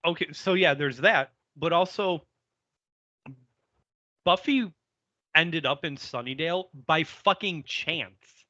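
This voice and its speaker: A man's voice: on the high side, pushed and bright, dry recording, muffled recording. A man co-hosting a podcast, recapping a TV episode in casual, opinionated chat with some swearing. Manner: deliberate, opinionated, occasional swearing. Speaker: podcast co-host.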